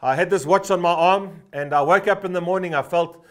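Pastor guy, 50s, kinda high voice, preaching hard, lots of uh's and repeating the same line over n over. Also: a little fast. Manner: fervent, repeats a short refrain for emphasis; storytelling with frequent "uh" fillers. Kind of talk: sermon.

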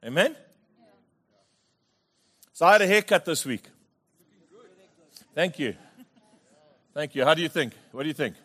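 A middle-aged pastor preaching with lively humour. He repeats words as he builds his points and keeps checking in with "Amen?" His voice sits fairly high. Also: unhurried, long pauses, breathy edge. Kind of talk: sermon with comic storytelling.

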